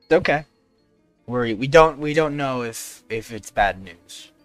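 A man's voice: medium pitch, expressive, measured pace, dry recording, faint music behind. A man playing a tabletop game, speaking in character and rallying his companions. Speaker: player. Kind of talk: in-character play.

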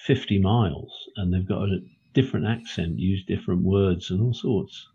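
A British man with a lowish, husky voice talks in a loose, rambling way, stopping and restarting his thoughts. The sound is dull and a bit lo-fi, like a remote call. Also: moderate pace, warm tone. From Britain. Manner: rambling, self-correcting, with many ums and restarts. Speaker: author and podcast guest. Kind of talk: casual chat.

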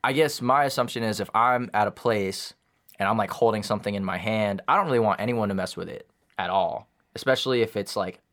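A man's voice: on the low side, brisk, a bit bright. A young man in his twenties in casual chat, rambling with lots of fillers and some swearing. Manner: rambling, profane, many fillers.

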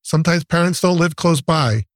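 A man's voice: fairly high pitch, moderate pace, no room sound. A middle-aged man who works in newborn intensive care, speaking heartfelt and emphatic in a conversation. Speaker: neonatal nurse.

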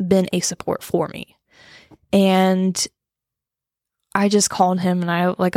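A young woman talks through a confessional vlog with a fry-edged, gravelly voice. She rambles, laughs nervously and mocks herself, and she is choked up close to tears at times. The sound is dry and close, with no room around it. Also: fairly low pitch, dry recording. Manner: rambling, self-deprecating, with nervous laughs and many fillers. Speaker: vlogger talking about grief. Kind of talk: casual confessional chat.

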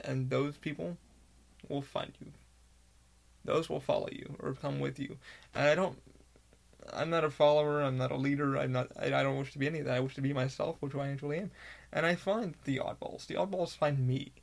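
A man hosts his own podcast alone, talking in a loose, candid ramble full of swearing. His voice has a gravelly fry to it and sits a little higher than most men's. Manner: candid, rambling, swears often, laughs now and then. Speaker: podcast host. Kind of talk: casual solo podcast monologue.

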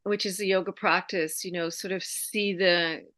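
A woman's voice: fairly low pitch, fairly even intonation, moderate pace, a bit bright, no room sound. A middle-aged woman, a yoga teacher and interview guest, speaking in a reflective, earnest way. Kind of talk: conversational interview.

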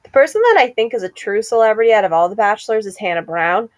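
A young woman co-hosting a podcast, chatting casually and gossiping about reality TV with quick laughs. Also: mid-range voice, lively intonation. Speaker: podcast co-host. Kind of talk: casual chat.

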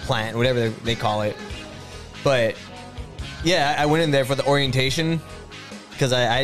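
A young man co-hosting a casual podcast, loose and joking, laughing often and swearing. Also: mid-range voice. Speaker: podcast co-host.

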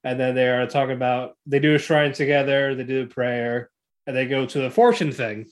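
On a podcast he co-hosts, a man speaks in a steady, medium-pitched tone while casually recapping anime episodes. His rambling recap includes quick voices as he performs the characters' lines.

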